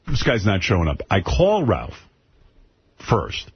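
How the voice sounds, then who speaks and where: Radio host, lower voice, lively profane storyteller who shouts his quoted lines; dull lo-fi broadcast sound. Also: unhurried, breathy edge. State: end of a cold. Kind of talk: casual storytelling on talk radio.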